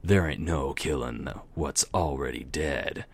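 A mocking undead stallion drawls his threats in a Southern accent, slow and sure of himself. A man with a very deep voice puts him on in a storybook reading, rumbling and low. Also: breathy edge, full character voice. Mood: taunting. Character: menacing undead stallion Death, mocking and cocky.

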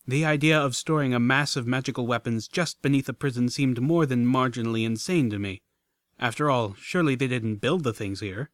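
Steady male audiobook narrator. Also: medium pitch, moderate pace, no echo.

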